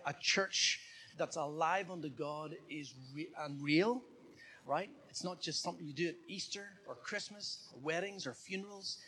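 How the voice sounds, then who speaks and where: A man's voice: a little high, sharp tone, breathy edge. A man preaching a sermon in church in a conversational way, often putting questions to the congregation. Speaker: pastor.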